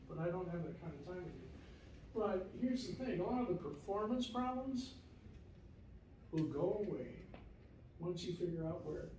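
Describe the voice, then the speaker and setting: A man's voice: high voice, dark tone, slight background noise. A man giving feedback to a student ensemble and scatting rhythms aloud to show them. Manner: scats rhythms aloud to demonstrate. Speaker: music clinician. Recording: echoey hall heard from a distance.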